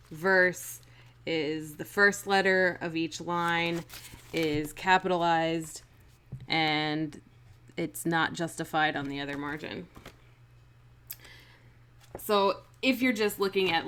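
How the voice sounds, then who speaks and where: Female teacher, lower pitch, slow and explanatory, live-stream lesson. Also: a bit bright, clear, resonant tone. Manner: unhurried, explanatory, with fillers and restarts. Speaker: acting teacher.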